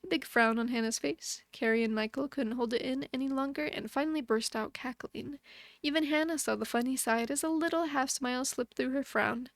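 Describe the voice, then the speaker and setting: A young woman reads a bedtime story in a gentle put-on motherly voice. Her voice sits a little high, and the sound is dry and close with no room around it. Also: fairly quick, no echo. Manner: chatty and thankful toward her viewers. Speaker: streamer. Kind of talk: reading a bedtime story aloud.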